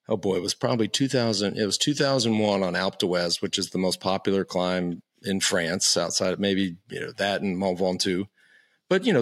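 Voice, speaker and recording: A man in his fifties telling stories as a podcast guest, casual and profane, with lots of stammering restarts. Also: low-pitched. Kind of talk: casual storytelling.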